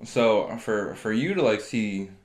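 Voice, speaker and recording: A man with a fairly low voice trades blunt, profane jokes in casual podcast chat. His voice bounces around an echoey room. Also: expressive, slow. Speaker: podcast co-host.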